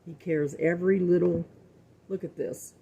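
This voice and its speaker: A woman's voice: fairly low pitch, fairly even intonation, moderate pace, vocal fry, warm tone, slightly rough. A middle-aged woman hosting a home cooking show, talking earnestly and folksily to her viewers about faith and repeating words for emphasis. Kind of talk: casual faith-filled talk to viewers.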